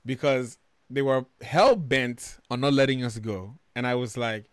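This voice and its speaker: A man from Nigeria, telling stories in a casual, animated way, swearing freely and getting loud when he retells arguments. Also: medium pitch, unhurried, clean tone, no room sound, studio quality. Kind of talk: casual storytelling chat.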